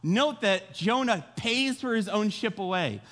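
A young man preaching a casual sermon, retelling a Bible story in an animated way and acting out the voices. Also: high voice, a little slow. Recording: long hall reverb.

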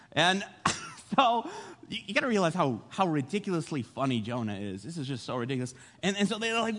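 A young man preaching a casual sermon, retelling a Bible story in an animated way and acting out the voices. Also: high-pitched, fast talker. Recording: long hall reverb.

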